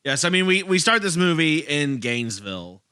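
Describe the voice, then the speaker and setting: A young man from Louisiana chats about movies on a podcast, rambling and laughing as he goes. His voice swings widely in pitch and sounds bright and forward. The recording is dry and close. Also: moderate pace, clear, resonant tone, dry recording. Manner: animated, rambling, laughs often. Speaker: podcast co-host. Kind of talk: casual chat.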